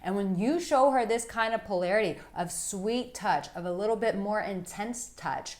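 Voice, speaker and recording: A woman working as an intimacy coach, giving frank, playful instruction to men with animated asides. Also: medium pitch, normal speed. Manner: blunt, playful and animated, with bursts of laughter and acted-out asides. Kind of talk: frank instructional talk to camera.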